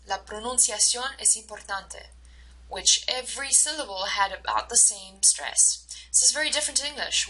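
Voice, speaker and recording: Husky-voiced woman teaching a lecture. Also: medium pitch, bright, forceful tone, rough recording. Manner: explains slowly, acts out example dialogues, many fillers. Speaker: instructor. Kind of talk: recorded lecture.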